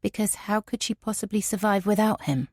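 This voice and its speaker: A woman narrating a first-person audiobook in a measured, tense way. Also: mid-range voice, a little mellow, dry recording, clean studio sound.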